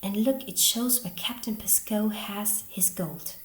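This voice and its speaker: Keen young storybook girl, excited and bright-eyed, read by a woman; slow lines, roomy sound. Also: mid-range voice, natural voice. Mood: eager. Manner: eager, exclaiming. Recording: roomy echo.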